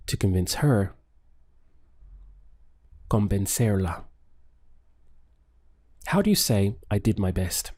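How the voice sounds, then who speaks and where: A man teaching a language lesson, patiently repeating phrases and pausing for the listener to answer. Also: on the low side, a little mellow, husky. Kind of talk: paced language lesson with pauses for practice.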